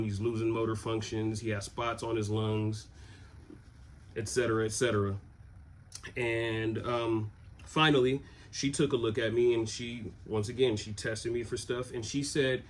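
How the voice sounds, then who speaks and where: A man in his twenties from Southern California, telling a personal story in a relaxed, rambling way with many fillers. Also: lowish voice, a little hiss or hum. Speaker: vlogger. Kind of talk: casual storytelling.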